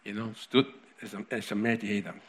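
A man's voice: on the low side, steady tone, a little fast. A man preaching a sermon in a conversational way, with frequent restarts and asides.

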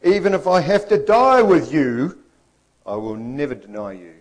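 A man acting out a brash, outspoken male disciple who protests loudly. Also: lowish voice, brisk, natural voice. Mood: boastful. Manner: emphatic, raised voice. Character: boastful then frightened male fisherman disciple.

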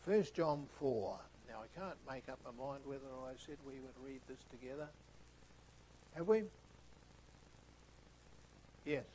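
A man preaching a sermon with emphatic delivery that swings between hushed, soft phrases and loud, stressed ones. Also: medium pitch, a little slow, long pauses, a little hiss or hum, low-quality recording.

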